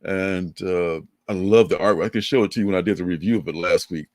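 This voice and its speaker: An older man co-hosting a livestream, chatting in a rambling, animated way and laughing often. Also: sits low, fast talker, no room sound. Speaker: livestream co-host. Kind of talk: casual chat.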